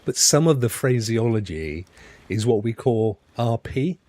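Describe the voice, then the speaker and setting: A man's voice: mid-range voice, expressive, measured pace, darkish tone. Chatty man commenting on a game. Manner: chatty, rambling, self-correcting. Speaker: gaming streamer host. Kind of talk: casual gameplay commentary.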